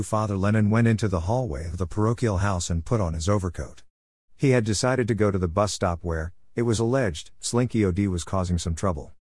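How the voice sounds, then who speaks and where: A man narrating a story in a measured, even way. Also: lowish voice, no room sound, studio quality.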